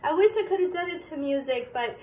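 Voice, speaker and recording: A woman's voice: high-pitched, animated, quick pace, a little mellow. A woman vlogger giving a casual, encouraging dance tutorial in an indoor room. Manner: chatty, encouraging. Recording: echoey room, distant mic, faint noise.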